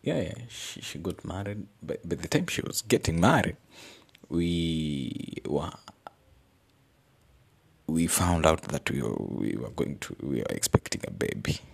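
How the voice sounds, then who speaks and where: A man's voice: very deep voice, sing-song, measured pace, vocal fry, slightly rough. A young adult man, telling a personal story in an earnest, reflective way as a podcast host. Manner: earnest, reflective, searching for words.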